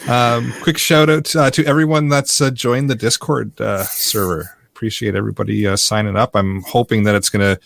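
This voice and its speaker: A Canadian man runs a podcast in a relaxed, chuckling way. His voice sits low and has a gravelly edge. He moves the chat along from one segment to the next. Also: normal speed, few pauses, no room sound. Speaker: podcast host.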